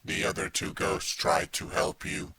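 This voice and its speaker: A man voicing a cold robot ghost of the future in an audiobook, with a flat, metallic, computer-like delivery. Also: rumbling low, breathy edge, pitched below the performer's own voice, full character voice. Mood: cold, droning. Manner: slow, clipped and unfeeling. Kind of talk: audiobook character voice.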